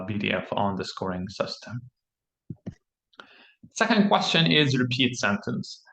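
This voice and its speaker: A man's voice: medium pitch, a bit bright. Roomy-sounding male English teacher explaining. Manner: patient, explanatory, with frequent ums and self-corrections. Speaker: English teacher and PTE trainer. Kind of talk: instructional explanation. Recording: roomy echo.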